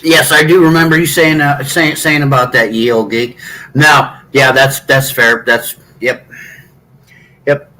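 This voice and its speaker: Man, middle-aged, casual chat, slow, halting, throat clearing, bright tense tone. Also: a little high, flat delivery, rough recording. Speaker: streamer chatting with viewers. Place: hotel room.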